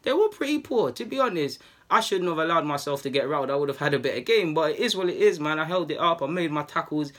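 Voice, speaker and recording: A young man, telling a story casually to his channel's viewers in lively slang. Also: a little high, fast. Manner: lively, slangy, acts out heated exchanges. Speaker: YouTuber.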